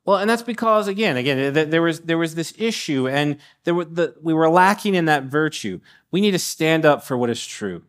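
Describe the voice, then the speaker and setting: A middle-aged man giving a sermon as guest preacher, animated, with frequent restarts and acted-out asides. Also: a little high, moderate pace, hardly any pauses. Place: church sanctuary.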